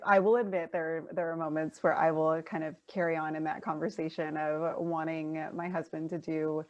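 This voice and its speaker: A woman hosts a casual interview, encouraging her guest and affirming what she hears. Her voice sits a little low. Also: little pitch movement, normal speed, no room sound, highs cut off. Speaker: interview host, coach.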